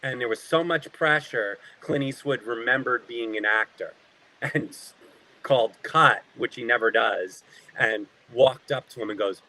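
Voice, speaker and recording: A man, an actor as an interview guest, telling animated behind-the-scenes stories and acting out the people in them. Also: medium pitch, measured pace, rough recording. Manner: animated anecdotes, acting out quoted voices. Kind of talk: casual storytelling.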